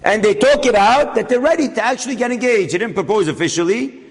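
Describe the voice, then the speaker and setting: High-voiced rabbi telling stories. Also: male voice, fast. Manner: animated, dramatic storyteller. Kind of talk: inspirational storytelling talk. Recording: long hall reverb.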